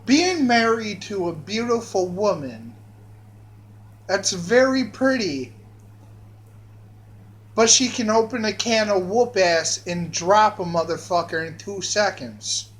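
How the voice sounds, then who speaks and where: A man's voice: high voice, lively intonation, slow, pauses often, fairly bright tone, poor audio. A man telling a crude personal story on a vlog, rambling and meandering with many fillers and restarts.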